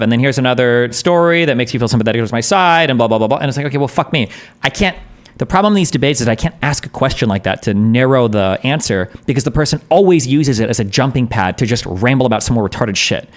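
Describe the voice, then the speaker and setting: A man's voice: mid-range voice, animated, fast talker. A man casually commenting on a debate during a live stream, blunt, profane and thinking aloud in long rambles.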